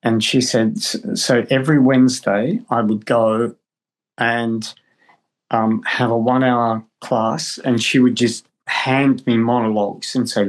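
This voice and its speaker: An older actor, a man, telling stories as a podcast guest, halting and restarting as he goes, heard over a video call. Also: mid-range voice, level tone, low-quality recording. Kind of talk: storytelling in conversation.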